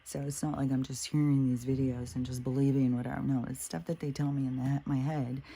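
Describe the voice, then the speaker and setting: A woman's voice: a bass voice, level tone, quick pace, gravelly, mellow, breathy edge. A woman talking in a casual, rambling monologue, laughing often and swearing freely. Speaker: spiritual vlogger.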